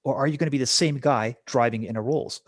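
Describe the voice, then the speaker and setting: A man's voice: mid-range voice, brisk, no room sound. A man speaking as a podcast guest, telling stories and reflecting with rhetorical questions. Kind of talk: conversational storytelling.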